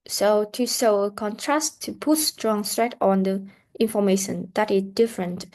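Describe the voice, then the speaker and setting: A woman leads a pronunciation lesson in a slow, deliberate way. She models sounds carefully for learners to repeat, and her voice sits at a middle pitch. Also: a little mellow. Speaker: English teacher.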